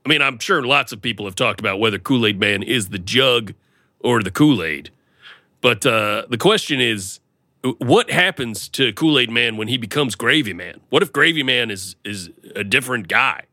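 A man's voice: mid-range voice, expressive, normal speed, pushed and bright, dry recording. A man co-hosting a podcast, chatting casually and playfully, often slipping into silly voices for a bit. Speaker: podcast co-host. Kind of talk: casual comedic chat.

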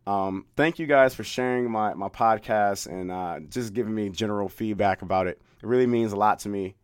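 A man's voice: fairly low pitch, normal speed, clean tone, dry recording, studio quality. A man in his twenties hosting his own podcast, telling a rambling, profane story and laughing at himself. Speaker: podcast host. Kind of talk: casual solo podcast storytelling.

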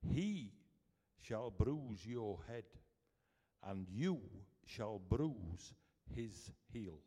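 A man with a Yorkshire accent reading scripture aloud, slowly and deliberately. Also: fairly low pitch, lively intonation, warm tone, breathy edge. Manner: slow and deliberate. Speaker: scripture reader. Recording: echoey hall from far off.

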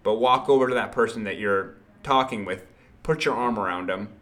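A man hosting a solo sales podcast, talking in an energetic, punchy way, repeating phrases and swearing casually. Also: fairly low pitch, a little fast.

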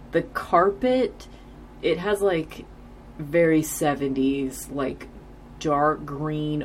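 A woman's voice: sits low, slight background noise. A woman in her forties casually recapping a TV episode as a podcast host, rambling with lots of filler words and easy laughs.

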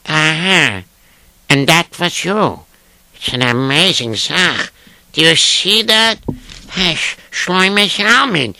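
An amazed Jewish man, just pulled from quicksand, marvels aloud and slips into Yiddish, as a man plays him. His voice is high and gravelly. It also has a sharp, bright edge. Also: animated, a little hiss or hum, exaggerated voice.

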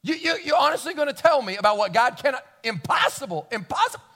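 A man's voice: very high-pitched, expressive, fast, bright, forceful tone, big-room sound, pitched above the performer's own voice, exaggerated voice. A man voicing old Father Abraham as an indignant, fervent elderly man who exclaims in disbelief and repeats his words.

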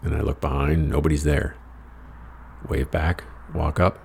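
A man's voice: a bass voice, little pitch movement, measured pace, gravelly, darkish tone, slightly rough. An American man telling a rambling travel story in a wry, profane, self-mocking way. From United States. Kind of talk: casual personal storytelling.

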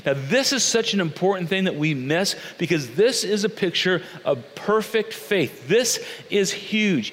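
A man preaching a sermon, animated and acting out the people he quotes. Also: moderate pace, few pauses. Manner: animated, acts out quoted voices with big pitch swings. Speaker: pastor. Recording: long hall reverb.

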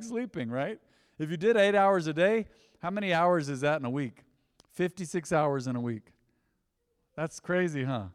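A pastor in his thirties preaches a casual, conversational sermon to his congregation in a church sanctuary, packed with rhetorical questions and asides. His voice is a little high, and the sound reflects a large hall.

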